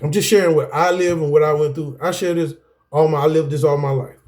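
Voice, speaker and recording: A middle-aged man with a fairly high voice speaks in an anger management class. He tells his own story like a preacher, animated and direct, and keeps calling out to the listeners. He often swings his pitch up and down for emphasis. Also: quick pace. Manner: animated, preacherly, repeats "guess what" and "y'all". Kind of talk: personal testimony lecture.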